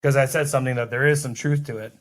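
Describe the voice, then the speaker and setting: A man in casual podcast chat, talking animatedly and acting out what people say. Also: mid-range voice. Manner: animated, fast, acts out quoted lines. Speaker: podcast co-host.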